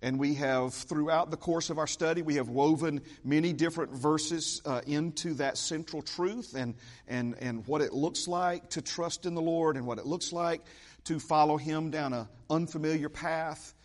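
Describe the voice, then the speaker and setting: Emphatic preaching man, slightly high voice. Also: fairly even intonation, normal speed. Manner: emphatic, repeats key phrases, asides to the congregation. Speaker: pastor. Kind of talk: sermon.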